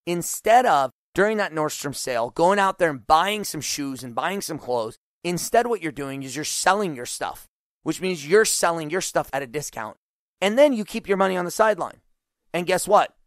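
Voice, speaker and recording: Animated podcast host guy, kinda high voice, dry close mic, coaching his listeners. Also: normal speed, dry recording. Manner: energetic, animated, acts out quoted voices. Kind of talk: solo podcast monologue.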